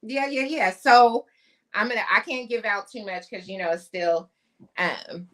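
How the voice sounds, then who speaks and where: A woman's voice: medium pitch, unhurried, fairly bright tone. A woman from the US West Coast co-hosting a podcast, chatty and emphatic as she tells stories. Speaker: podcast co-host. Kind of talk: casual podcast chat.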